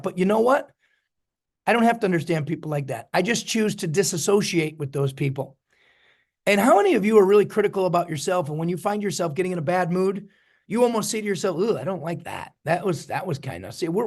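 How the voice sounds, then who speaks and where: Middle-aged mentor, high-pitched, energetic and repetitive, motivational talk over a video call. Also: male voice. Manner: energetic, preachy, repeats phrases. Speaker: network marketing mentor.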